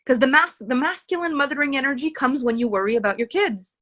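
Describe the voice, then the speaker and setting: A woman's voice: high voice, fast, fairly bright tone. A woman relationship coach talking to her group in a live session, earnest and emphatic, repeating her key phrases. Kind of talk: live coaching session, reading out viewer comments.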